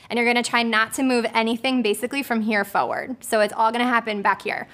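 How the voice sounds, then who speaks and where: A woman's voice: a little high, steady tone, quick pace, few pauses, a bit bright. A woman teaching a casual vocal lesson in an upbeat, chatty way, explaining a singing exercise step by step. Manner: upbeat and chatty, laughs between points.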